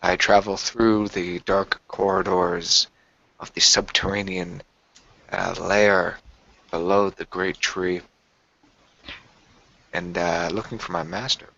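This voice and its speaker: Slow, deep-voiced man narrating his moves. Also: level tone, gravelly, pushed and bright, no echo, lo-fi sound. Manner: slow, descriptive first-person narration. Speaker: player. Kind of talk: describing actions in a tabletop game.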